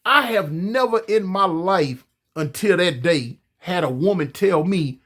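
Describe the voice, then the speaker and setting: A man telling a story casually, animated and profane, often stammering and repeating himself. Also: high voice, unhurried.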